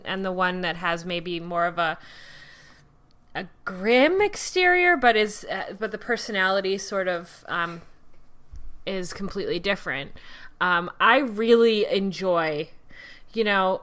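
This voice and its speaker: A woman hosting a podcast in casual chat, thinking aloud with many pauses and fillers. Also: medium pitch, fairly bright tone. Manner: thoughtful, hesitant, with many fillers. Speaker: podcast host.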